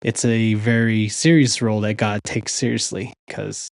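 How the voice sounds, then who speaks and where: A male podcast host reflects on his guest's story in a relaxed, conversational way. His voice sits on the lower side and is recorded dry and close, with no room sound. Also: normal speed, creaky, dry recording. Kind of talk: casual conversation.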